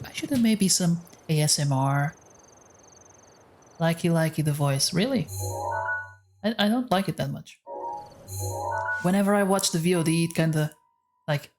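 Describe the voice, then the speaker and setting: A man with a soft voice chatting casually with his viewers while he streams a game, rambling as he plays. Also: a little high, normal speed, long pauses. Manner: rambling, talks to chat while playing. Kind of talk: casual live-stream gameplay chat. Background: faint game music.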